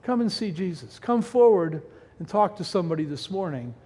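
A man preaching a sermon from the pulpit of a church, his voice pitched high and swinging widely as he fires off rhetorical questions. He often breaks off mid-word and restarts. His voice rings with a long hall reverb. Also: expressive, brisk, warm tone, husky. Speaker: pastor. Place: church sanctuary.

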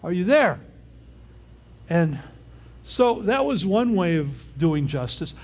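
Husky-voiced older male preacher. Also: high-pitched, big pitch swings, takes it slowly, a little mellow. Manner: informal, often checks in with the audience. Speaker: pastor. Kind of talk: conversational sermon.

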